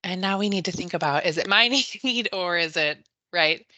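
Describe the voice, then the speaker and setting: Her voice sits on the low side, pushed and bright, moving at a moderate pace over a dry recording. The woman is hosting a live early childhood education webinar, habitually adding a questioning "right?", reading the chat and speaking to attendees by name.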